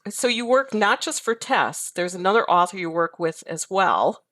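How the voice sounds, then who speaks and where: A woman co-hosts a podcast at an ordinary mid pitch. She asks her guest thoughtful follow-up questions in an easy, conversational way. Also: animated, moderate pace, sharp tone. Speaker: podcast co-host. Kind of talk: casual interview chat.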